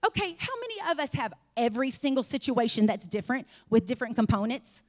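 A woman's voice: fairly high pitch, very animated, fast. Fervent woman preaching in a reverberant hall. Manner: fervent, repetitive, rising to shouts. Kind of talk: sermon.

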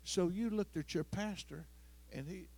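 A man preaching a sermon as pastor, moving between quiet storytelling and loud, climbing declarations. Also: high voice, measured pace, gravelly, slightly rough. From Missouri. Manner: swings from soft storytelling to loud, rising preaching.

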